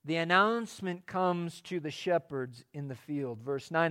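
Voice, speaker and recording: A man's voice: fairly high pitch, unhurried, few pauses, bright, forceful tone, clean tone. A man preaching a sermon in a conversational way, asking his listeners rhetorical questions. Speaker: pastor.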